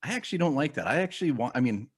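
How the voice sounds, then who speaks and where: A man's voice: mid-range voice, big pitch swings, racing, husky. A man hosting a casual sports podcast, wry and joking as he questions his guest. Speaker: podcast host.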